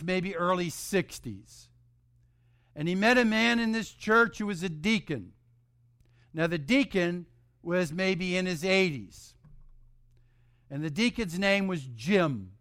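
A man with a fairly high voice preaches by telling a story, dropping low and quiet then rising to shouts. His voice is recorded dry and close, with no room echo. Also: clear, resonant tone. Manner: dramatic, swings from hushed to shouting. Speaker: pastor. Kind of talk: storytelling sermon.

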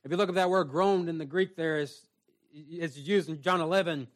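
A man's voice: on the high side, normal speed. A man pastor preaching a sermon in a small church, earnest and reading scripture aloud. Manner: earnest preaching, reads scripture aloud in King James wording.

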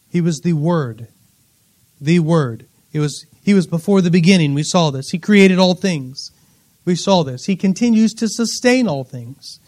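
A high-voiced man preaching a sermon. He reads scripture aloud and presses his points with repeated words, rising loud for emphasis and dropping to quiet asides. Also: animated, a little slow.

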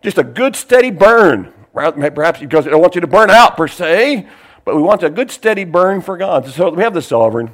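Older male pastor, high-pitched, folksy and digressive in the pulpit. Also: big pitch swings, moderate pace, fairly bright tone. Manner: folksy, digressive, laughs while preaching. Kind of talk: sermon.

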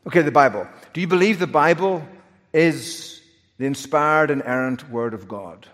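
A man's voice: fairly high pitch, normal speed, fairly bright tone, pitched above the performer's own voice, close to an everyday voice. A man voicing a stern, officious male supervisor angel who questions formally, like a clerk, in a reverberant hall.

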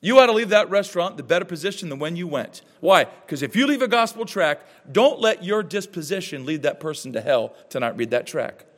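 High, lively preaching man. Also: brisk, hardly any pauses, in a large hall. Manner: emphatic preaching with rhetorical questions and asides. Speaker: pastor. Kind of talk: sermon.

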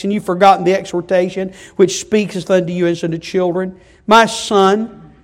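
A man preaching a sermon, moving from quiet pleading to loud, impassioned delivery. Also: high voice.

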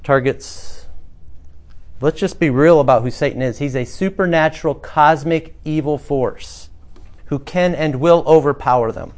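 A man's voice: a little high, normal speed, darkish tone. A man, the pastor, preaching a conversational sermon to his church congregation, building to emphatic passages. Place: small church, former bank building.

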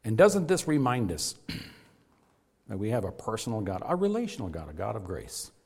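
Emphatic preaching man with lively pitch. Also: moderate pace, gravelly, husky. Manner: emphatic preaching with wide swings in pitch and loudness. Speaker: pastor. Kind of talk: sermon.

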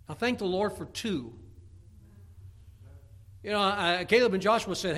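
A man preaching a sermon, telling Bible stories with animated acted-out voices, swinging from loud peaks to hushed low tones. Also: unhurried, long pauses.

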